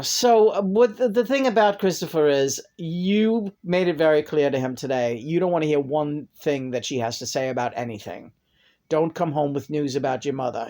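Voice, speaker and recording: A middle-aged woman vlogger rants to her camera, profane and personal, her voice jumping up in angry bursts. Her voice sits low and sounds a little mellow.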